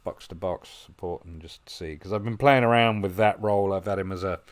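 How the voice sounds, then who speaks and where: A man talks through his football management game in a lowish voice. He muses quietly over his tactics, then breaks into excited commentary when the chances come. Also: brisk. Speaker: gaming video host. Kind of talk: gameplay commentary.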